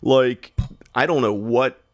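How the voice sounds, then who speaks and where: A man co-hosting a podcast tells a rambling story in casual conversation, swearing often and getting animated when he imitates people. His medium-pitched voice moves slowly. The sound is dry with no room sound, and soft music plays in the background.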